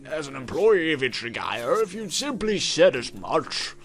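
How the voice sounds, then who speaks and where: A plump old detective oozes insincere courtesy, drawling slowly in an oily, mock-polite tone that rises and falls with relish, as a man puts him on. He is a sarcastic figure from a visual novel, read aloud in a playthrough. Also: fairly high pitch, sing-song, gravelly, a bit bright, exaggerated voice. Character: plump elderly male detective, greasy and sarcastic.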